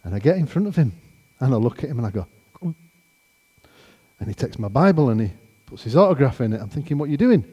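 A man shares his testimony in a lively, storytelling way, slipping into the voices of the people in it. His voice is mellow and relaxed, with a long reverb trailing behind him as if he is speaking in a large hall. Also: mid-range voice, rapid-fire, few pauses, husky. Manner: animated, acts out conversations.

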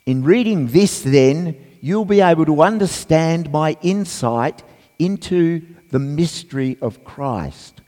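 A man with a croaky voice giving a sermon as a guest preacher, hesitant with fillers, then reading scripture and praying with fervour. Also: mid-range voice. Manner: hesitant, many fillers, then rises into loud fervent reading. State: croaky voice from a cold. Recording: long church reverb.

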